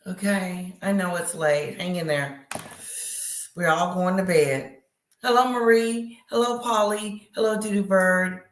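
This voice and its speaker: A woman's voice: fairly low pitch, fairly even intonation, a little slow, reverberant. A woman hosting a casual late-night live chat from her bedroom, gossipy and exclaiming with frequent laughter. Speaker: livestream host. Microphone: device screen close up.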